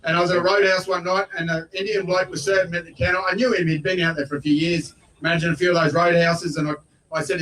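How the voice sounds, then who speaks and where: A man's voice: high-pitched, steady tone, fast talker, a little hiss or hum. Blunt Australian man giving a rally speech. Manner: blunt, folksy, building to shouted points. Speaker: politician speaking at a rally. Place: outdoor rally. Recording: voice picked up from far off.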